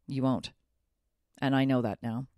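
A woman's voice: rumbling low, fairly even intonation, measured pace, mellow, dry recording, studio quality. A woman hosting her own podcast as a life coach, talking in an earnest, upbeat and self-revealing way. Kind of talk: solo podcast monologue.

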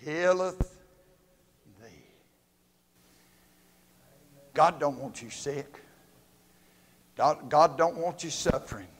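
A man preaching a sermon and leading prayer as pastor, with a Southern American accent, swelling loud and dropping soft. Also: mid-range voice, slow, pauses often, slight background noise. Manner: fervent preaching with sudden swells and drops in loudness. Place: church sanctuary. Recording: long reverb of a church hall.

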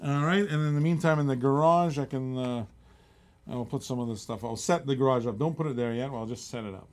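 A man's voice: mid-range voice, fairly quick, a little mellow. A middle-aged man hosting a live-stream auction in casual, rambling chatter, often chuckling and reading out bids.

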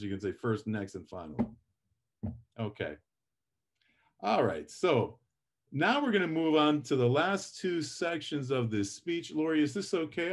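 Chatty man giving a live lecture. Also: mid-range voice. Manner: chatty, self-deprecating, plays out examples dramatically. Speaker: public speaking instructor.

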